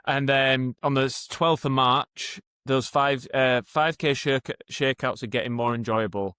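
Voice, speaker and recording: A man's voice: mid-range voice, steady tone, unhurried, bright, forceful tone, smooth, no echo. A man, a rehab coach hosting a podcast, talking in a chatty, encouraging way with plenty of filler words. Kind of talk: casual interview talk.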